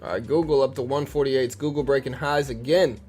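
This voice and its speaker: A man's voice: mid-range voice, fairly even intonation, a little fast, darkish tone, soft background music. A man hosting a live day-trading stream, talking casually and rambling with restarts, still getting over an illness. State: recovering from illness, a bit slow.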